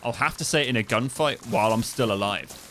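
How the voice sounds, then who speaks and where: A man's voice: medium pitch, fast talker, pushed and bright. Man, game streamer, casual commentary, laughing, swearing, repetitive, faint noise behind. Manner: laughing, repeating foreign phrases to get them right; swears freely, thinks aloud.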